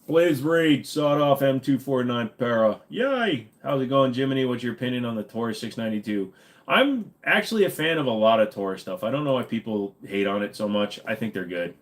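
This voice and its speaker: A man's voice: mid-range voice, lively intonation, a little fast. Tired, cranky man chatting live. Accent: slight Minnesota. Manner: tired, cranky, wisecracking, swears offhandedly. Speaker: livestream host. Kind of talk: casual live Q&A chat.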